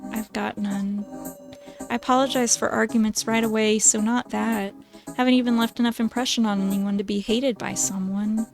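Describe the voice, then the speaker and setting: A woman's voice: fairly high pitch, steady tone, normal speed, over music, lightly acted. A woman voicing a timid, self-deprecating young man who talks hesitantly and apologizes a lot.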